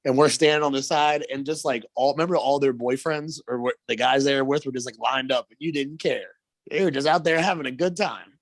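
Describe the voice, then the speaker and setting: Man, podcast co-host, casual rambling talk, average pitch, dry close sound. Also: a little fast, no echo. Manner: laid-back, swearing, rambling. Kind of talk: casual chat.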